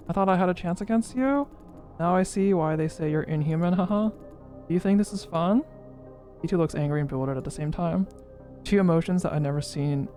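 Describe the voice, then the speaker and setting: Voicing visual novel dialogue mid-playthrough, this streamer has a mid-range, slightly mellow voice. They give every character's lines a distinct emphasis.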